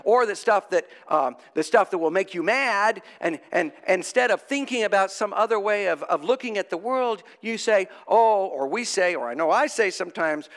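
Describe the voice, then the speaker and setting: A man preaching a conversational sermon, asking the congregation rhetorical questions and talking in an animated way. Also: sits high, normal speed, few pauses. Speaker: priest.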